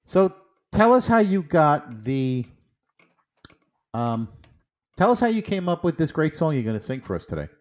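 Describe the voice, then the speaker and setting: Brief: male interview host, animated pitch, upbeat reactions. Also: moderate pace, long pauses. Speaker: podcast host.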